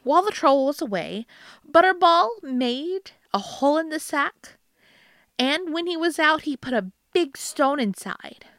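A woman reading a fairy tale aloud in an unhurried, gentle storybook manner. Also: high voice, lively intonation, no room sound, clean studio sound.

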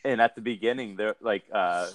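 Low-voiced casual male podcaster. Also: moderate pace, dry recording. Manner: laid-back, swears freely, loose rambling delivery. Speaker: podcast co-host. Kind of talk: casual chat.

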